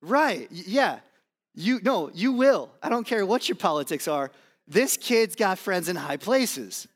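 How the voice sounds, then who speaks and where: A man preaching a sermon to his congregation in a conversational, self-deprecating way, with fillers and pauses. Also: sits high, sing-song, fairly bright tone. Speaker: pastor. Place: church campus.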